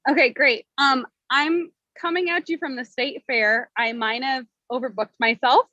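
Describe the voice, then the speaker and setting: A fairly high-voiced young woman from Cleveland tells a personal story at a story slam in an easy, rambling way, full of "um"s and "like"s. Her voice comes through a dry, dull video call line. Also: fairly even intonation, moderate pace, sharp tone, no echo. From Cleveland, Ohio. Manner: casual, chatty, many "um"s and "like"s. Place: outdoors at a state fair.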